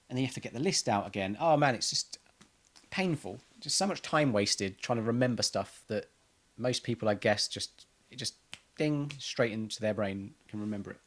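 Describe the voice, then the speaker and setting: A man's voice: medium pitch, expressive, normal speed. A man talking casually to camera in a rambling personal monologue, full of ums and restarts. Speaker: vlogger.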